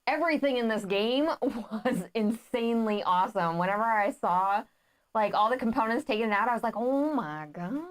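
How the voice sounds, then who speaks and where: A woman's voice: fairly high pitch, normal speed. A woman co-hosting a live board game playthrough, giggling, thinking aloud about her moves and apologizing for mistakes. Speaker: board game show co-host. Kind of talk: casual live playthrough chat.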